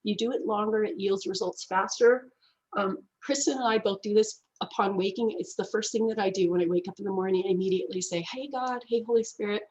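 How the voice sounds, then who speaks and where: A woman's voice: medium pitch, steady tone, fast, a little mellow, lo-fi sound. A woman teaching a gratitude class, effusive and emotional, laughing often as she explains.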